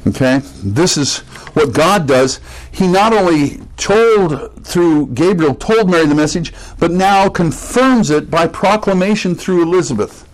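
A man teaching a sermon verse by verse, explaining word meanings and pausing to repeat key points. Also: a little high, animated, rough recording. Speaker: pastor.

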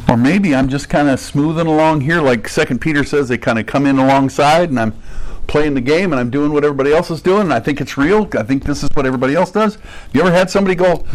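An earnest male preacher, mid-pitched, delivering a sermon. He sinks into low, hushed passages and then climbs into pointed, emphatic questions. Now and then he acts out the voices of imagined listeners. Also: a little fast. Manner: earnest preaching, swinging from low, quiet stretches to high, emphatic bursts. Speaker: pastor.

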